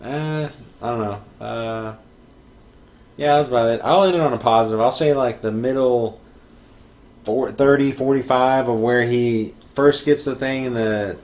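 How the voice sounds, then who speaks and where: A man's voice: medium pitch, a little mellow. A man co-hosting a podcast, talking casually about a film with easy hesitations. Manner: easygoing, hesitant with fillers. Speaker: podcast co-host. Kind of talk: casual movie review chat.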